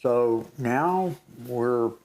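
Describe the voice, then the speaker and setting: Older male co-host, casual storyteller, mid-pitched, lively re-enactments. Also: extremely slow. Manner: animated storytelling, re-enacts moments. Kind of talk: casual chat.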